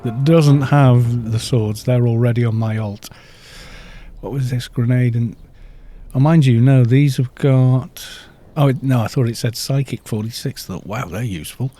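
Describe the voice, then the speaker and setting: A man's voice: medium pitch, fairly even intonation, a little slow, dark tone, faint music behind. A man streaming a game live, chatting casually and telling rambling stories between remarks on play. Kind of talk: casual live-stream chat while gaming.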